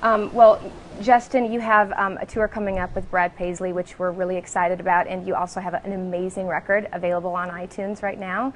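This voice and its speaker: A woman's voice: lowish voice, little pitch movement, a little fast, few pauses, slight background noise. A woman co-hosting a casual talk show, bubbly and gushing toward her guests. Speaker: co-host.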